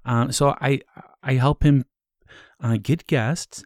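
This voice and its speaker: A man playing a timid, stammering young male assistant in his twenties who keeps breaking into deep demonic growls. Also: fairly even intonation, takes it slowly, darkish tone, no room sound, studio quality, natural voice. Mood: nervous. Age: 20s. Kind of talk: improvised comedy podcast. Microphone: headphones and studio mic.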